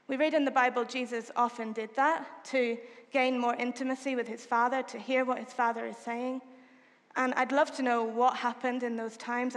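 Female preacher, high pitch, casual conversational sermon delivery, reverberant hall sound. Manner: conversational, with casual fillers like "like" and "you know". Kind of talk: sermon retelling a Bible story.

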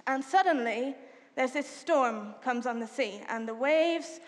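Female preacher, high pitch, casual conversational sermon delivery, reverberant hall sound. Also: a little slow. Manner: conversational, with casual fillers like "like" and "you know". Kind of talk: sermon retelling a Bible story.

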